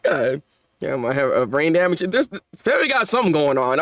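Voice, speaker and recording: A man giving a live reaction commentary on a manga chapter, slangy and animated, often stammering and repeating words. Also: fairly high pitch, brisk, no room sound, clean studio sound.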